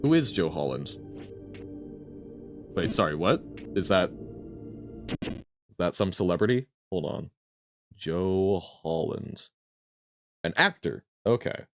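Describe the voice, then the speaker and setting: Brief: male streamer, low voice with wide, bouncy swings, rambling chat over faint game music. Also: takes it slowly, long pauses. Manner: animated, rambling, self-correcting, answers chat. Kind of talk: casual live-stream chat while gaming.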